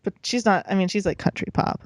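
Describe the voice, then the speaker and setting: A young woman co-hosts a casual gaming podcast, giggling often and rambling through her thoughts with plenty of fillers. Her voice sits at a middling pitch. It is recorded close and dry, with no room sound. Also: expressive, quick pace, no echo. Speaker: podcast co-host. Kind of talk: casual chat.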